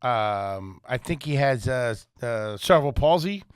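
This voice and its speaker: A man's voice: medium pitch, measured pace, smooth, dry recording, studio quality. A man co-hosting a comedy podcast, telling stories in casual banter full of swearing and stammered restarts. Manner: animated storyteller, swears often, stammering restarts. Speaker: podcast co-host.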